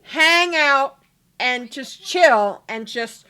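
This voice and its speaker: A young wife pleads softly and hesitantly, as a woman voices her. Her bright voice rises and falls widely as she coaxes her husband in a life-sim game. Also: high voice, lively intonation, very slow, exaggerated voice. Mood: pleading.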